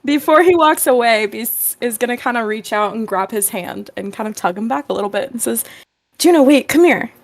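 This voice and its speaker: A woman player in a tabletop game, narrating her character in a lively, laughing way. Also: on the high side, a little fast, few pauses, no echo. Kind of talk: tabletop role-play narration.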